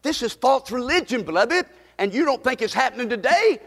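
A male pastor, his voice sitting notably high, preaching a sermon. He leads the congregation in call-and-response and builds to emphatic repetition. The sound carries a long echo from a large church hall. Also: very animated, fairly quick, hardly any pauses.

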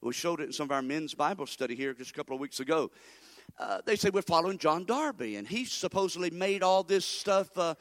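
A man's voice: high voice, fairly bright tone. A male pastor preaching an emphatic sermon and having the congregation repeat phrases after him. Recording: long hall reverb.

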